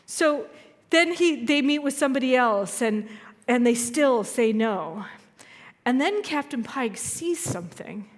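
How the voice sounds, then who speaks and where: A fairly high-voiced woman minister speaks to her congregation in a loose, storytelling way, poking fun at herself as she goes. Her voice rings out with a long reverb from a large hall. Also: lively intonation, measured pace. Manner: chatty, storytelling, self-deprecating humor. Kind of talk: conversational sermon. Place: church sanctuary.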